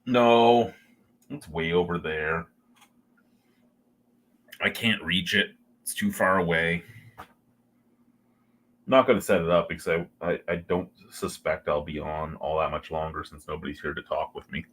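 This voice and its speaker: A man's voice: deep voice, steady tone, measured pace, pauses often, fairly bright tone, slight background noise. A man hosting a casual beer review livestream from home, rambling and joking crudely with his chat.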